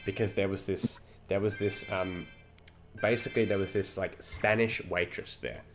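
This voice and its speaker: A man's voice: deep voice, fairly even intonation, normal speed. Man telling rambling stories over game music. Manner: swearing, rambling storyteller. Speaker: streamer. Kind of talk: casual live-stream chat.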